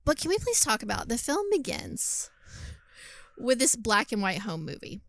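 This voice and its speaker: Animated laughing woman podcaster. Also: on the high side, normal speed, gravelly, dry recording. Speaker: podcast co-host. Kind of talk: casual film review chat.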